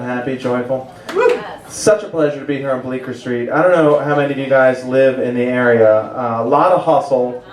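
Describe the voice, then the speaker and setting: A man working a stand-up set with dry, wry timing in a mid-range voice. The club room echoes around him. The mic picks him up from some distance. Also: medium pitch. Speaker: stand-up comedian. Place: comedy club stage.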